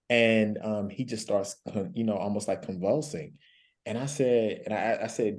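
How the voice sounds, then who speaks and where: A man's voice: fairly low pitch, moderate pace, darkish tone. A man speaking as a guest life coach on a panel, telling stories earnestly and repeating key phrases for emphasis. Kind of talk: panel discussion, storytelling.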